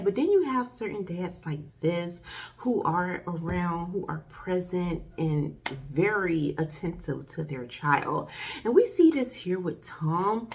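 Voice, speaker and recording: A woman chatting casually as she reviews a movie for her channel, talking to her viewers as "y'all". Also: mid-range voice. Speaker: faith-based movie reviewer. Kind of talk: casual video review chat.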